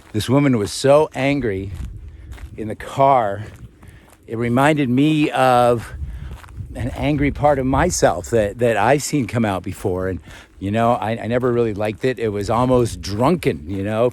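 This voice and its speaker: Chatty man telling a story outdoors. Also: medium pitch. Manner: chatty, rambling, laughs easily. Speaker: vlogger. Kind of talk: casual storytelling to camera. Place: outdoors in a forest.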